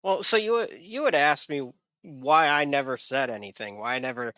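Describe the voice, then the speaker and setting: A man shares difficult memories in a candid podcast talk, hesitating and restarting his sentences. His voice is bright and a little tense. The recording is dry, with no room sound. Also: medium pitch, dry recording. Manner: halting, hesitant, many restarts. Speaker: podcast guest. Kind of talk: candid personal conversation.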